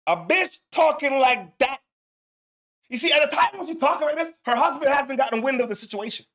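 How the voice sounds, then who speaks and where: A man hosting a live show, reacting to clips with loud, animated, heavily cursing commentary and repeating himself. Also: very high-pitched, a little fast.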